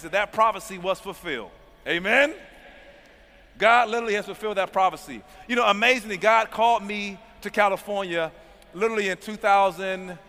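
High-voiced preaching man in a reverberant hall. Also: pushed and bright. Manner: emphatic call-and-response preaching. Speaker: pastor. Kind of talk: sermon testimony.

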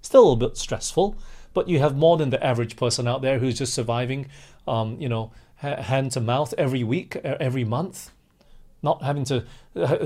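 A man's voice: medium pitch, a little mellow. A man preaching a sermon with impassioned, rising and falling emphasis, addressing his listeners as friends.

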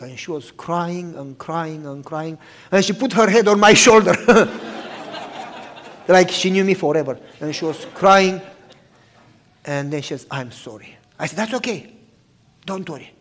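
A man preaching by telling a story, acting out each person's lines and dropping to a hush for tender moments. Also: fairly high pitch, a little slow, pauses often, a little hiss or hum. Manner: animated storytelling, acting out both sides of the talk; drops to a hushed, soft voice for tender moments. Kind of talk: sermon storytelling.

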